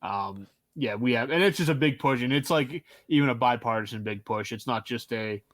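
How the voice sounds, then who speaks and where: A man co-hosting a sports podcast, chatting casually about hockey in a relaxed, rambling way. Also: medium pitch, brisk, dry recording. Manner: relaxed, rambling with fillers and restarts. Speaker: podcast co-host. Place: Pittsburgh area.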